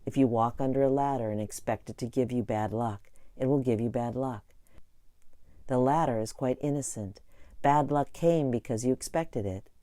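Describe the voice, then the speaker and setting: Brief: man narrator, calm even audiobook read, mellow tone, dry booth sound. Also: mid-range voice, normal speed, dry recording. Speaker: audiobook reader. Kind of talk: audiobook narration of an inspirational book.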